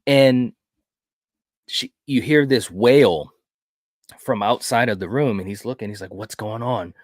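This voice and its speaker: A man's voice: medium pitch, measured pace, no echo, studio quality. A man co-hosting a casual podcast, retelling a horror film scene by scene in an enthusiastic, rambling way. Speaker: podcast co-host. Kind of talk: casual film review chat.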